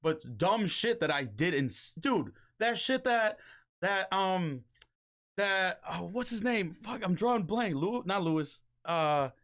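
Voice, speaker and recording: A young man on a casual podcast, with a fairly high voice that swoops up and down as he talks. He swears freely and tosses in quick mock voices along the way. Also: expressive, a bit bright. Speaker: podcast co-host.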